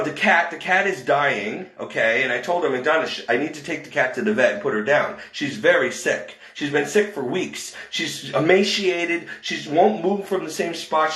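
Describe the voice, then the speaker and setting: A man venting about caring for an elderly woman, rambling in frustration, with quick rushes and slow, heavy emphasis. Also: fairly high pitch, fairly bright tone, roomy sound. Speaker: caregiver telling his story. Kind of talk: emotional personal vlog rant.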